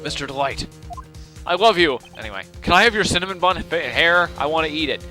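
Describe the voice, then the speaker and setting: A man's voice: fairly high pitch, lively intonation, brisk, bright, forceful tone, soft background music. A young man casually joking his way through gameplay commentary as a let's play host. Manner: joking, irreverent.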